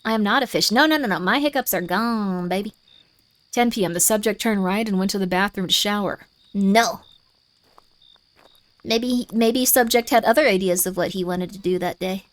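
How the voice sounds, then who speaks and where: A woman's voice: medium pitch, normal speed. A woman streaming a game live, chatting playfully and reading the on-screen text aloud. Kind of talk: live-streamed gameplay commentary.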